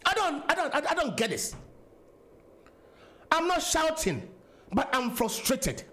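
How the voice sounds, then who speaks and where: A man's voice: very high voice, huge pitch swings, measured pace, sharp tone. A man with a Ghanaian accent hosting a political talk radio show, speaking in an impassioned, repetitive way and switching between English and Twi.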